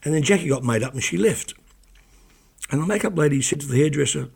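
A man's voice: on the high side, animated, quick pace, creaky, husky. A middle-aged man telling showbiz anecdotes in casual chat, often repeating words as he starts a sentence. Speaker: guest.

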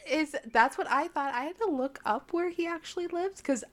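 A young woman hosts a podcast and retells a novel with dry sarcasm. Her voice sits a little high, and she keeps dropping into quick put-on voices for the characters. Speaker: podcast host recapping a book. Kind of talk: casual comedic recap with quoted voices.

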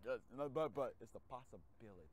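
A man's voice: mid-range voice, quick pace, slightly rough. Man ranting animatedly through a story. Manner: animated storytelling, acts out his own reactions, swears freely. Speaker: podcast host. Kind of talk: casual chat.

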